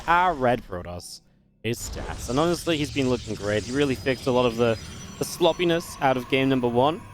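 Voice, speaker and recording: A man casting a real-time strategy match alone, in energetic play-by-play commentary with chatty asides. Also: medium pitch, clear, resonant tone. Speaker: esports caster. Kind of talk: solo play-by-play game commentary.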